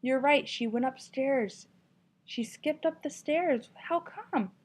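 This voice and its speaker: A woman's voice: high-pitched, takes it slowly, breathy edge. A woman teacher reading a children's story aloud with expression, then asking a class encouraging questions about it. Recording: dull lo-fi recording.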